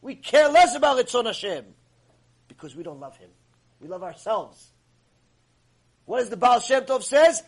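A man giving an animated sermon lecture, telling stories and asking his listeners questions. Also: very high-pitched, moderate pace, long pauses. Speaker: rabbi teacher.

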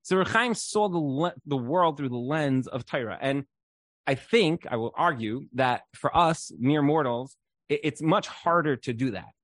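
Speaking a little slowly with lively intonation, a male Torah teacher tells stories casually, peppering them with "like." His medium-pitched voice is a bit bright, and the recording is dry.

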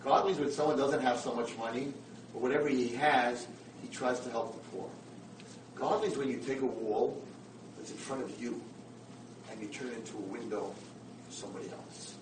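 A man giving a sermon-style lecture, telling a story in an animated, emphatic way. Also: mid-range voice, normal speed. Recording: roomy, far from mic, background noise.

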